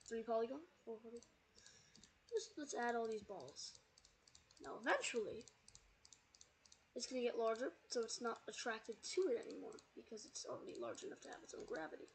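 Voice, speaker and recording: A woman's voice: on the high side, a little hiss or hum. A woman streamer in a put-on British accent, casually rambling as she explains a physics sandbox game while playing. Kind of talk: casual gameplay commentary.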